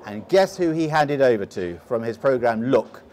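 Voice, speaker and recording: Posh English accent, middle-aged man, rambling storyteller, mid pitch. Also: animated, normal speed, a little mellow. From England. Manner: rambling, restarts often. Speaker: guest explorer. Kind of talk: storytelling interview.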